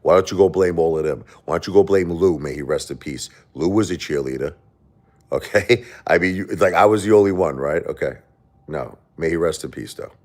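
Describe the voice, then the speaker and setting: A middle-aged man with a very low voice hosts a casual livestream. He answers viewer questions defensively, circling back to the same points. When he tells a story, he turns it into an animated retelling. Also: a little fast. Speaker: livestream host.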